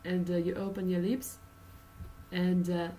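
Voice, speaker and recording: A woman's voice: on the low side, flat delivery, a little slow, dark tone, distant mic, slight background noise, poor audio. A woman from Russia with a Russian accent, teaching an English pronunciation lesson with many uh and um fillers and patient explanations.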